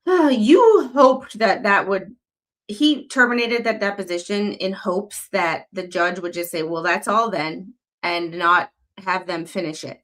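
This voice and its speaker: Woman ranting about a lawsuit, blunt and sarcastic, curses a lot, voice jumps up high when she's fed up. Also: unhurried, fairly bright tone. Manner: sarcastic, blunt, swears freely; big jumps in pitch when exasperated. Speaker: commentary channel host. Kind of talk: casual commentary reading and reacting to a court filing.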